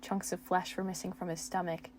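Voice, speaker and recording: A woman's voice: on the low side, little pitch movement, fairly quick, a little mellow, a little hiss or hum. A young woman reading her old fan fiction aloud at home, making self-mocking asides and laughing at her own writing.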